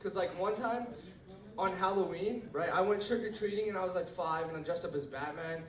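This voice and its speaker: A man's voice: high voice, brisk, fairly bright tone. A teenage man doing a rambling stand-up set, full of fillers and restarts, to a live room. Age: teens. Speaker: stand-up comedian. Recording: echoey room, mic far off.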